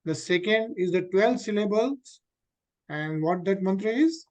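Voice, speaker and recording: A man's voice: high-pitched, animated, a little slow, darkish tone. A man leading a scripture study group, explaining verses and asking the group questions, with many fillers.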